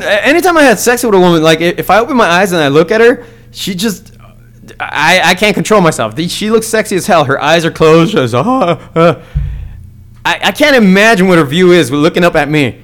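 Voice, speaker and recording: A man's voice: high-pitched, a bit bright. Male solo podcast host; crude, rambling comic rant with lots of stammering restarts.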